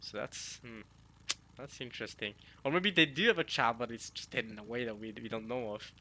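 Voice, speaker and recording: A young man talks through a manga chapter in loose, slangy reaction commentary, often stumbling over his words when he gets excited. His voice sits at a middle pitch with a bright, forward tone. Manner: excitable, slangy, many restarts.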